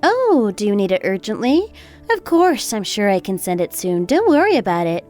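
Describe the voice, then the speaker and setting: A woman's voice: mid-range voice, very animated, normal speed, a little mellow, faint music behind, lightly acted. A woman playing a calculating young wife in a texting-story drama, sweetly polite yet cutting. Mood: sweetly businesslike. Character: cool, calculating young wife getting even. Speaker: daughter-in-law.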